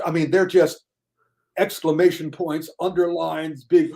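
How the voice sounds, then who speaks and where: A man talking casually as a guest critic on a podcast, enthusiastic, and mocking critics in a high whiny voice. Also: flat delivery, unhurried, creaky, a little mellow.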